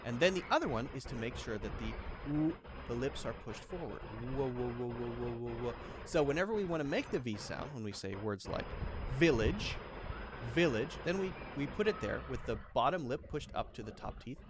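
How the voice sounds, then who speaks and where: A man's voice: mid-range voice, very animated, brisk, hardly any pauses, background noise. A man teaching English pronunciation, demonstrating sounds by repeating words over and over. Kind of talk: pronunciation lesson.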